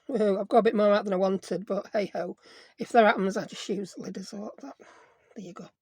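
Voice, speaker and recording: A woman's voice: medium pitch, fairly even intonation, fairly quick, darkish tone, breathy edge, no room sound. A woman hosting a casual craft tutorial, chatty and self-deprecating, thinking aloud as she works. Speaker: craft video host.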